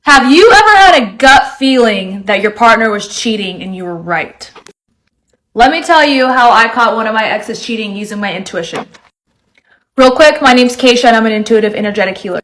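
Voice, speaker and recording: A woman who works as an energetic healer, telling a story in a chatty, confiding way. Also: a little high, moderate pace, echoey room. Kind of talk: casual storytime.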